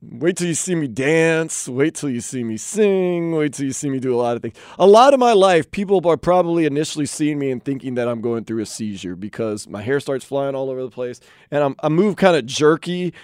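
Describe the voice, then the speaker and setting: Playful higher-voiced male sports host. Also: lively intonation, brisk, a little mellow, no room sound, clean studio sound. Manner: playful, self-mocking, jokey. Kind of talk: studio sports show banter and headlines. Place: radio studio.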